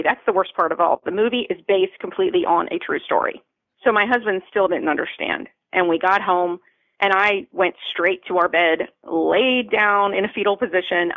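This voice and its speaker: A woman's voice: medium pitch, no echo. A woman from Florida, a podcast guest, tells an emotional personal story in an earnest way and repeats phrases for emphasis. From Florida, USA. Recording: phone-like line, dry.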